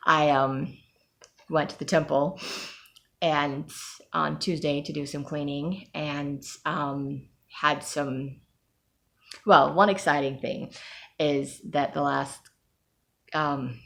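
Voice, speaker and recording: A woman's voice: sits low, a bit bright. A woman giving a candid, rambling personal update, with frequent ums and sighs. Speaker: vlogger.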